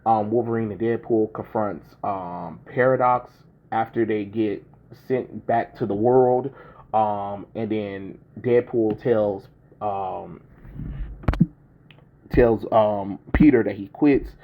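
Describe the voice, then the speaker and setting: A man's voice: fairly low pitch, steady tone, takes it slowly, a little hiss or hum. A young man casually recapping a film's plot, rambling with many ums and restarts. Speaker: movie reviewer. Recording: dull lo-fi recording.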